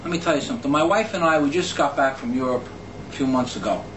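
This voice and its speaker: A man's voice: mid-range voice, fast. Blunt, indignant New man. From New Jersey, USA. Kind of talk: rambling anecdote. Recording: echoey room, distant mic, faint noise.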